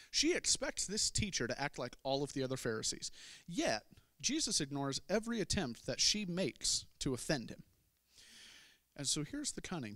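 A man's voice: fairly high pitch, a bit bright, no room sound, studio quality. A man preaching a sermon, telling a Bible story in a folksy way with humorous asides. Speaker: pastor.

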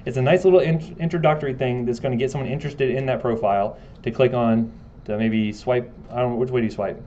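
Fast-talking joking male lecturer. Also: mid-range voice, steady tone, mellow, muffled recording, slight background noise. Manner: casual and joking, asks the class questions. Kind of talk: classroom lecture.

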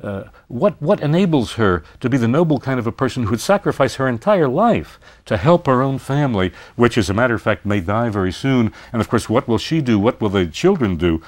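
A man's voice: mid-range voice, sing-song, brisk, few pauses. A man giving a university literature lecture, speaking expressively and posing rhetorical questions.

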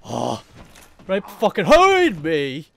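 A man's voice: a little high, wildly swooping pitch, slow, creaky, a bit bright. A man commentating his own gameplay, swearing and muttering through frustrating moments. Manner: swearing, exasperated outbursts. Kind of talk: let's play commentary.

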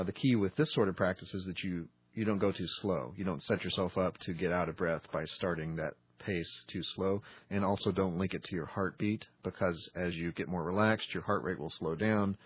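A man teaching meditation on a podcast in a measured way, pausing often with ums. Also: low voice, breathy edge, no room sound, muffled recording. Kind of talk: instructional podcast talk.

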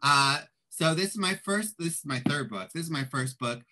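This is a man in his thirties with a bright, clear tone, chatting casually as a guest on a video call. He rambles a little, jokes at his own expense and keeps it light. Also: fairly high pitch, animated, normal speed, poor audio. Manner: chatty, joking, self-deprecating. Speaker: composer and writer, guest. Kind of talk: casual interview chat.

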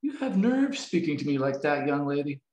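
A man's voice: a little high, big pitch swings, normal speed, a little mellow, roomy sound. A man reading aloud voices a terse, unkind woman escort.

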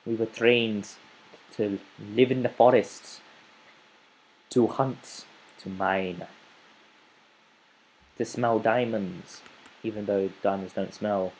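A man hosts his own gaming video, narrating a survival game in a slow, drawn-out way. His voice sits a little low, and he rambles playfully and talks to the creatures on screen. A faint background noise runs under the recording. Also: fairly even intonation, darkish tone, low-quality recording. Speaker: gaming channel host. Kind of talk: let's play game commentary.

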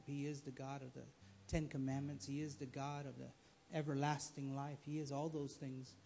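A man's voice: mid-range voice, warm tone. A man preaching a live church sermon, repeating phrases and building to emphatic calls. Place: church service.

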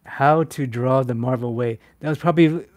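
Man, art instructor on a live stream; chatty, animated, self-mocking, filler-heavy. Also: medium pitch, normal speed. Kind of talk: live-stream drawing demo, answering chat.

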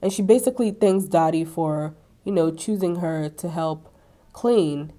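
A young woman with a slightly low-pitched voice talks through a TV episode in a loose, chatty way. She throws in sassy asides and acts out quotes with relish. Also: measured pace, mellow. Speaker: TV recap vlogger. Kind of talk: casual chatty recap. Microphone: ring-lit camera setup at home.

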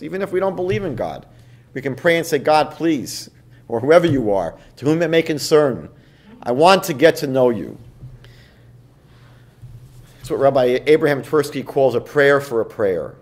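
A rabbi giving an evening lecture, teaching in a conversational way, telling stories and reading passages aloud. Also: male voice, mid-range voice, a little mellow. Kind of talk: evening lecture in a seminar series.

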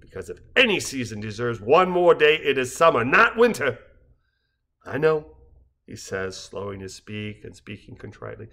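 A man giving a satirical dramatic reading as narrator, in the style of a fiery speech, with sudden shouted peaks. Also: mid-range voice, sing-song, normal speed. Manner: impassioned oratorical delivery with shouted peaks.

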